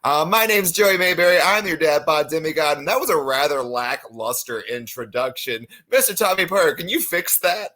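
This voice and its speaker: A man's voice: a little high, animated, normal speed, hardly any pauses, bright, forceful tone. A young man co-hosting a casual wrestling podcast, playful and laughing often. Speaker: podcast co-host. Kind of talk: casual chat.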